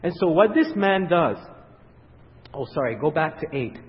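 A man preaching a sermon, asking the congregation questions and waiting for their answers, swinging from loud emphatic peaks to quiet, low passages. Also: sing-song. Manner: asks the audience questions and pauses for their answers. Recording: dull, reverberant hall sound.

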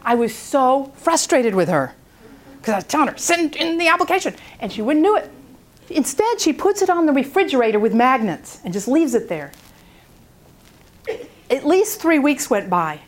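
A woman speaking at a prayer seminar, telling a story in an animated way and acting out its people. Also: high-pitched, moderate pace.

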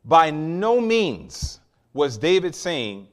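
A man's voice: on the high side, big pitch swings, very slow. A man preaching a sermon, teaching with emphasis and asking the listeners questions.

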